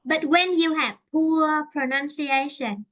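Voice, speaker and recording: High-voiced woman teaching English. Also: fairly bright tone, highs cut off. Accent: Vietnamese. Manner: explains slowly in simple English, repeats herself. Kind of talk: online English lesson.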